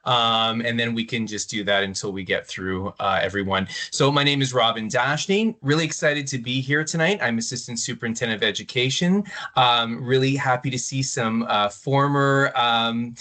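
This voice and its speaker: A man's voice: medium pitch, normal speed, hardly any pauses, bright, forceful tone. A man, an assistant superintendent, leading introductions in a virtual meeting in an upbeat way with some fillers. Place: video call.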